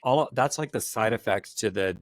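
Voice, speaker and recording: A man's voice: lowish voice, normal speed, no room sound. A man hosting a podcast, chatting casually and animatedly in long run-on thoughts. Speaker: podcast host. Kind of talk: casual chat.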